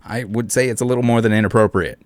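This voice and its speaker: A man's voice: on the low side, fairly even intonation, quick pace, dry recording. A man hosting a casual commentary video, reading comments and a news article aloud with sarcastic, mocking asides and frequent swearing. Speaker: YouTube commentator.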